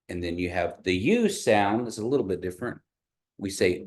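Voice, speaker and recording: A man with a low, slightly mellow voice and big swings in pitch teaches pronunciation to a group of learners in a classroom. As a language teacher, he patiently models each sound slowly and has the class repeat after him.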